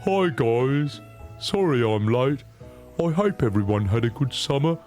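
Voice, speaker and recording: A man's voice: medium pitch, lively intonation, a little slow, darkish tone, faint music behind, pitched below the performer's own voice, natural voice. A man voicing a meek, overlooked young male student who speaks politely and plaintively.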